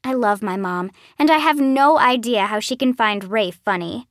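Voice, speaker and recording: A woman narrating an audiobook in the first person, with a lively, girlish storytelling manner. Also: a little high, moderate pace, dry recording, studio quality. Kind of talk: scripted narration.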